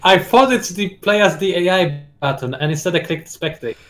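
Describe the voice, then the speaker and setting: A man's voice: sits high, moderate pace, a bit bright. A man hosting a strategy game session, talking casually and playfully while explaining the game as he plays. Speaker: host and player. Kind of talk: casual gameplay commentary.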